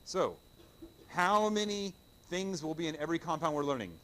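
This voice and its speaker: A man's voice: fairly high pitch, normal speed. A middle-aged man teaching chemistry to a class, joking and quizzing the students in a classroom. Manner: lively, joking, quizzes the class with call-and-response. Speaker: high school chemistry teacher. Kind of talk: classroom lecture.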